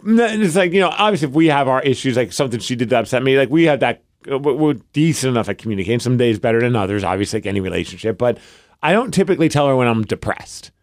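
Chatty self-mocking podcast host, dry sound. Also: male voice, mid-range voice, expressive, rapid-fire, no room sound. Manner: rambling, self-deprecating storyteller. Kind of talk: casual chat.

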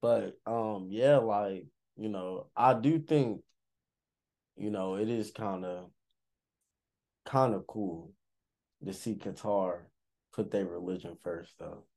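A man in casual chat, joking and profane, often cutting in loudly. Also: lowish voice, slow pace, gravelly, long pauses. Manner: profane, joking, loud interruptions.

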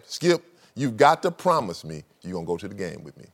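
A man's voice: on the low side, big pitch swings, fairly quick. A man on a sports debate show, making his picks with playful, pleading banter.

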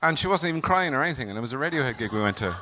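A man's voice: medium pitch, lively intonation, rapid-fire, bright, forceful tone, slight background noise. A man hosting a casual comedy chat, wry and teasing.

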